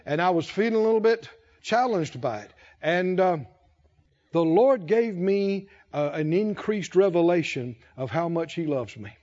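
A man with a strikingly high voice delivers an impassioned sermon from the pulpit. He drives home his points by repeating phrases and swelling toward shouts. The recording sounds a little dull and muffled. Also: expressive, measured pace. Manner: emphatic preaching, repeating key phrases with rising intensity. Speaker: pastor.

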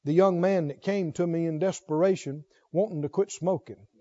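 High-voiced middle-aged preacher, dull recording. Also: male voice, steady tone, normal speed, mellow. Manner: emphatic, asks the congregation rhetorical questions. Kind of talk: sermon.

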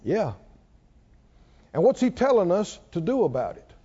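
A male preacher with a very high, animated voice that swoops through his questions to the congregation. He pushes them emphatically and chuckles between points. The recording is dull and lo-fi. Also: moderate pace, husky, big-room sound. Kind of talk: sermon with call-and-response.

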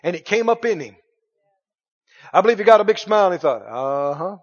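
A man preaching a sermon, animated, acting out Bible scenes and building up to shouts in a church. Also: sits high, fast talker, big-room sound, lo-fi sound. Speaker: pastor.

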